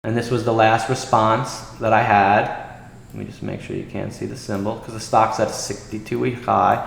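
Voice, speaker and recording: A man hosting a trading show, telling an indignant story and reading messages aloud in a lively, exasperated way. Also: on the low side, normal speed, vocal fry, a little hiss or hum. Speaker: day trading show host. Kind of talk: casual livestream talk. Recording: echoey room with long reverb.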